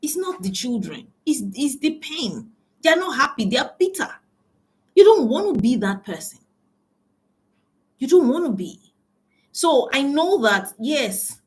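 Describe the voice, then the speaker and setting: A woman speaks as a business coach delivering a motivational talk, addressing her audience as ladies and gentlemen. She is emphatic, repeating phrases for stress, and her voice sits on the high side.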